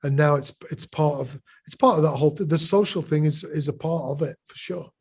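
This is a husky, slightly higher-pitched middle-aged man talking as a guest on a call. He muses out loud, stumbling over repeated words and restarting his thoughts in a loose, conversational way. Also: fairly quick. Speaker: podcast guest, musician. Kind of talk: casual conversational interview.

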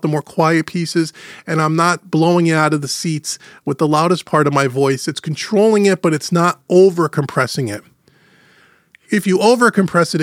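Man, podcast teacher, fairly high voice, chatty, stresses points slowly, dry studio sound. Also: fairly bright tone, no echo. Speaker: podcast host teaching audio mixing. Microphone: studio microphone through gentle compression.

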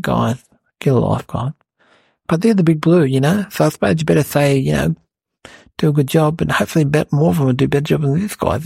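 Man doing a cheeky eight-year-old boy, rambling and indignant, gravelly, dark. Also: fairly high pitch, no echo, heavily acted. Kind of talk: comic character monologue.

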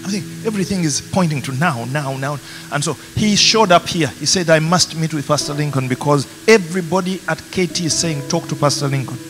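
A pastor with a Ugandan accent preaching a passionate sermon in a church, rising to emphatic peaks. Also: male voice, fairly high pitch, brisk, hardly any pauses. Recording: music playing behind.

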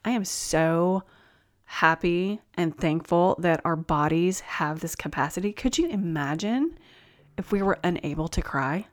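A woman hosting a wellness video, giving an encouraging talk to the camera in an enthusiastic, reassuring way and laughing between points. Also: on the low side.

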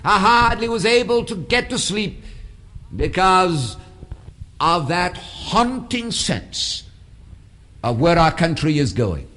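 A man's voice: sits high, very animated, takes it slowly, long pauses, bright, forceful tone. Man, preacher, emphatic repetition, reverberant sanctuary. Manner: preaching with repeated phrases and rising emphasis. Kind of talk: sermon. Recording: long hall reverb.

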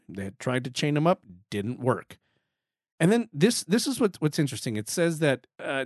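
A man's voice: mid-range voice, dry recording, studio quality. A man giving a Bible study lesson, talking earnestly and emphatically, often repeating words as he drives a point home. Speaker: Bible teacher. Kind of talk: Bible study teaching talk.

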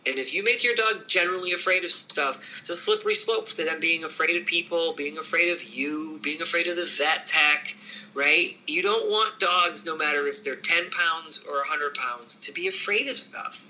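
A middle-aged man talking casually as a dog trainer, animated and quick to act out owners and dogs in little voices. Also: fairly high pitch, poor audio. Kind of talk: casual podcast conversation.

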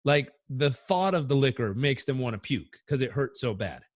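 A man on a podcast telling personal stories in an animated way, acting out the voices in them. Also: mid-range voice, normal speed, dry recording, lo-fi sound. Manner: animated, acts out quotes. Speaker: guest. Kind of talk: conversational storytelling.

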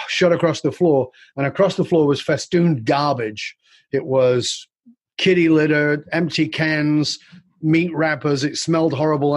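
A man's voice: fairly high pitch, husky, no echo. A man guest in an interview, candidly and reflectively telling a personal story with casual swearing.

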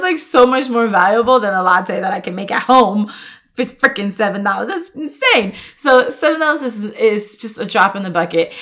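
A woman's voice: mid-range voice, fairly bright tone. A woman hosting a podcast, talking as a coach in a chatty, upbeat way with many restarts and fillers. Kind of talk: casual podcast monologue.

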